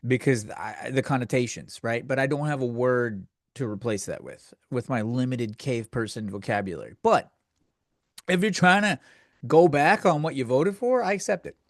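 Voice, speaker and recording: Recorded in studio quality with no room sound, a man of medium pitch hosts a comedy podcast. He delivers a rambling, crude and sardonic rant.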